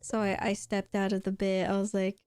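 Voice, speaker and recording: A woman's voice: medium pitch, completely flat delivery, brisk, darkish tone, smooth, faint music behind. A young woman streaming while she draws, in a rambling casual chat full of "like" and laughs, swearing now and then. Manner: chatty, rambling with frequent "like" and laughs.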